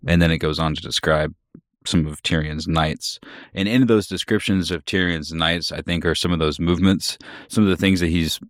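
A man with an extremely deep voice co-hosts a casual podcast chat about books. He thinks out loud, pausing and restarting as he works through ideas. The sound is dry and close, with no room echo. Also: steady tone. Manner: thinks aloud with pauses and restarts. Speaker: podcast co-host. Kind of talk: casual book-discussion chat.

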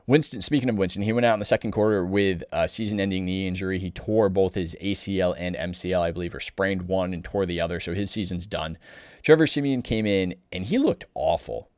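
A man delivering a blunt, opinionated sports talk monologue, exasperated and animated, often restarting his sentences. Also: low-pitched, fairly quick, no echo, studio quality. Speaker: sports commentator.

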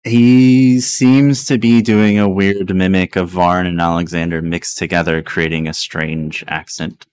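A man's voice: low-pitched, fairly even intonation, measured pace, hardly any pauses, a little mellow, clear, resonant tone. A man running a tabletop game as game master, describing a strange creature in a laid-back way and laughing often.

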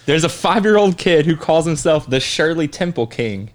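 A man co-hosting a relaxed chat who jumps into the conversation with jokes and quick remarks. His voice sits slightly higher than most men's. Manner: laughs easily, chimes in and cracks jokes. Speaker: podcast co-host. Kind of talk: casual chat.

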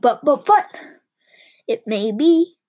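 A woman's voice: high voice, animated, takes it slowly, a little mellow, lo-fi sound, exaggerated voice. A woman voicing a reckless, boastful male mail-coach driver who bellows and sings out his words.

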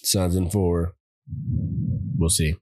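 A man's voice: deep voice, slow, no room sound, clean studio sound. A man hosting a podcast, telling a story in casual chat and acting out other people's lines. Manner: animated, laughing, acts out other people's lines. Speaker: podcast host.

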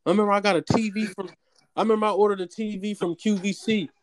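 A young man in casual chat telling a story in an animated, profane way. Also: fast talker, a little hiss or hum. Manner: animated, profane storytelling with raised-pitch quotes.

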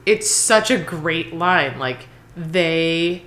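A woman co-hosting a podcast, chatting casually about a movie in an animated way and acting out the lines she quotes. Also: deep voice, extremely slow, roomy sound. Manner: animated, acts out quoted lines, laughs often. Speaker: podcast co-host. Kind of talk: casual movie review chat.

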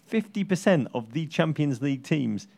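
A middle-aged English man co-hosting a football podcast, talking in an animated, playful, teasing way. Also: fairly high pitch, moderate pace, creaky. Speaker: podcast co-host. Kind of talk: casual football chat.

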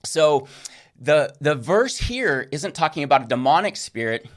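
A man's voice: on the high side, sing-song, measured pace. A man teaching a recorded Christian course lesson, earnest and checking in with listeners with a frequent "okay?".

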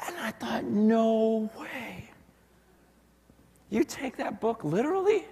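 A man, a pastor, preaching a sermon and telling a story in quoted voices, swinging from hushed to loud. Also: very high-pitched, expressive, slow, vocal fry, long pauses, slight background noise. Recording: long hall reverb.

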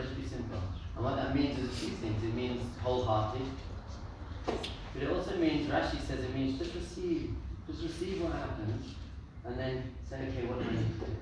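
Man, rabbi teaching a class, lively storyteller, far-off mic, booming echo, steady background noise. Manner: animated storyteller, acts out voices, laughs with listeners. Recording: echoey room, far from mic, noisy.

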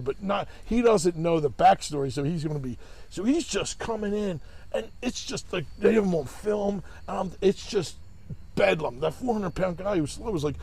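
A gravelly, slightly husky man spins a rambling, profane story, jumping into other people's voices as he goes. His voice sits high and swings widely in pitch. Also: darkish tone. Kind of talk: casual storytelling.

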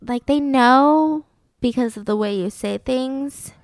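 A young woman with a high-pitched voice talks slowly on a dry recording. As a podcast co-host, she tells a true-crime story in a chatty way, packing her speech with "like".

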